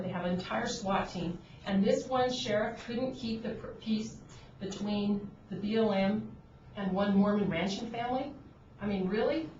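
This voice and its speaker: A woman on an agriculture board giving earnest, pointed, unscripted remarks at a public meeting, with frequent restarts. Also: medium pitch. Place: conference room at a government meeting. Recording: dull, noisy, roomy audio from a distant room mic.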